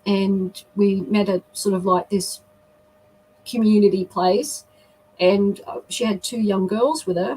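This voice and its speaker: A woman's voice: medium pitch, darkish tone, slightly rough, low-quality recording. Earnest woman telling a personal story. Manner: earnest, reflective, often acts out quoted dialogue. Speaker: guest. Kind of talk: personal storytelling in a live interview.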